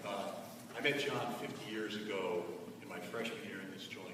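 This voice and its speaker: A man's voice: on the low side, moderate pace. Wry older man telling stories. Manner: wry, self-mocking storytelling. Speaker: alumnus speaker at a scholarship celebration. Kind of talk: humorous anecdotal speech. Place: large event hall. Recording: echoey hall, distant mic, background noise.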